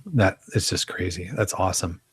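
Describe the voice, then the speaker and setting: A man's voice: deep voice, normal speed, husky, no echo. A man co-hosting a casual podcast, telling stories with easy enthusiasm. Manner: chatty, enthusiastic storyteller. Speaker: podcast co-host.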